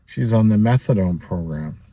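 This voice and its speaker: Animated and mellow, this low-leaning male voice moves at a moderate pace in a dry recording. The vlogger casually rambles through a personal story to camera, with asides, small laughs and repeated "you know."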